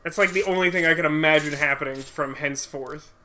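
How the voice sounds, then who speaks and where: A man's voice: fairly high pitch, fast talker, bright, forceful tone, slight background noise. A man co-hosting a let's play, giving casual gameplay commentary in a rambling, playful, self-mocking way.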